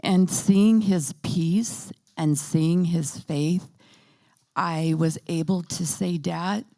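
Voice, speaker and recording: Low, gravelly-voiced woman sharing a testimony. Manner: halting and soft-spoken, with many pauses and fillers. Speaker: church panel speaker. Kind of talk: personal testimony. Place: church.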